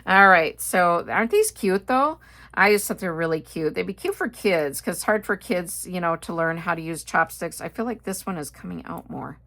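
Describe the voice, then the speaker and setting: A middle-aged woman with a Midwestern American accent talks through her purchases in a relaxed, rambling way. Her voice sits a little low, and she fills pauses with "um" and side comments. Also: creaky. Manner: chatty, rambling, with frequent fillers and asides. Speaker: haul video host. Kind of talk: casual chat.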